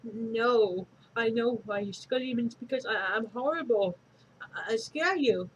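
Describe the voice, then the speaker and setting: A woman's voice: a little high, measured pace, muffled recording, slight background noise, natural voice. A woman voicing a frightened, twisted male living book creature from a storybook, stammering and pleading. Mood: fearful.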